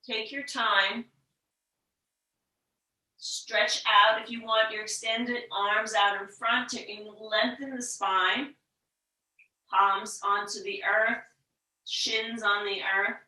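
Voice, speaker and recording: A woman teaching a yoga class, talking slowly and gently, sometimes dropping to a whisper to show the breath. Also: fairly high pitch, flat delivery, distant mic. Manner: slow, gentle guiding with soft whispered breath demos. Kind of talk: guided yoga instruction. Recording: echoey room, voice from off-mic.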